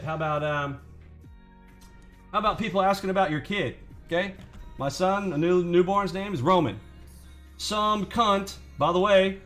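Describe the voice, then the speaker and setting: A man's voice: a little high, fairly bright tone. A man hosting a trading channel, ranting to his viewers in an indignant, sarcastic and profane way. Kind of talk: angry rant to viewers.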